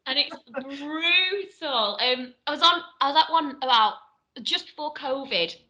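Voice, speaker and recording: High, very bright, lively female storyteller. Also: a little slow. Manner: animated storyteller, laughs often. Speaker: guest, actor and radio DJ. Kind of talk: casual interview storytelling.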